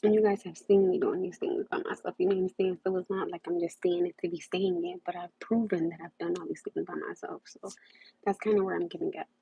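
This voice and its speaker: A woman's voice: fairly low pitch, steady tone, quick pace, gravelly, dark tone, slightly rough, no echo. A young woman hosting a casual livestream, rambling and repeating herself as she talks. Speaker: livestream host. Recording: muffled lo-fi livestream audio.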